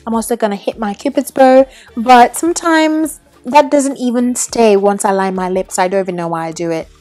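A woman's voice: a little high, normal speed, dark tone, faint music behind. A young woman from Trinidad doing a put-on British accent, chatty and gushing as she voices over a makeup tutorial. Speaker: beauty vlogger.

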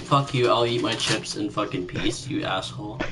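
A man's voice: lowish voice, moderate pace, distant mic, heavy background noise. A teenage boy streaming a shooter game, joking crudely with friends in casual chat. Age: teens. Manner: crude, joking, swears a lot. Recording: game audio and chatter behind.

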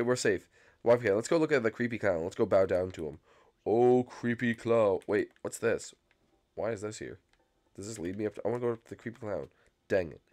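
A young man doing excited, frantic gameplay commentary as a channel host, often yelping and screaming when chased. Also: on the low side.

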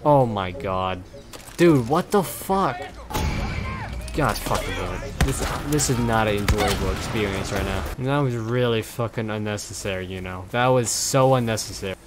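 A young man rants through his gameplay in a lively, up-and-down voice, cursing and exasperated. Game music plays clearly under his talk. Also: fairly low pitch, normal speed. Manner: swearing, exasperated, loud outbursts. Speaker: gameplay streamer. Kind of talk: casual gaming commentary.

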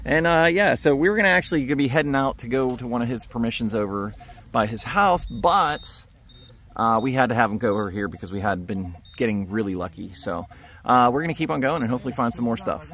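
A man's voice: mid-range voice, lively intonation, fast, a bit bright, slight background noise. A man hosting a metal detecting vlog, narrating casually on the spot outdoors at a dig site and cheering on his friends in an upbeat way.

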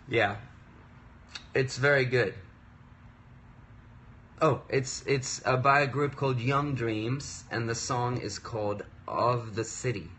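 Speaking slowly with long pauses, a man in his thirties livestreams from his home work desk, a musician in a medium-pitched, slightly bright voice. His chat is casual and rambling, with playful self-interruptions, over a light hiss or hum.

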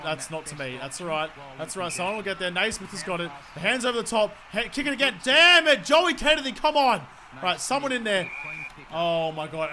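A young man commentating his own football video game, frustrated and profane, yelling at his teammates. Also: high voice. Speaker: gaming commentator. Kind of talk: swearing live gameplay commentary.

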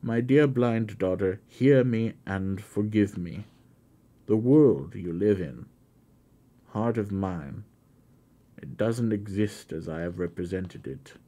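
A man voicing a remorseful old father, low and pleading. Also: slow, warm tone. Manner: pleading, tender. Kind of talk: reading a classic novel aloud.

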